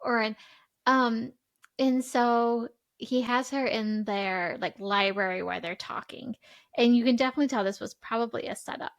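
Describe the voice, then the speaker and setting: A woman's voice: fairly high pitch, fairly even intonation, moderate pace, dry recording. A woman co-hosting a podcast, animatedly recapping a novel's plot in casual chat, often trailing off mid-sentence. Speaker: podcast co-host. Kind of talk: casual book-discussion chat.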